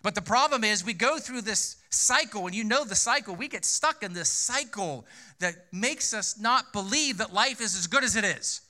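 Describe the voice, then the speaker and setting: With a high-pitched, animated, pushed and bright voice, a man preaches a sermon at a moderate pace. He keeps it conversational as pastor, asking rhetorical questions and echoing key phrases for emphasis.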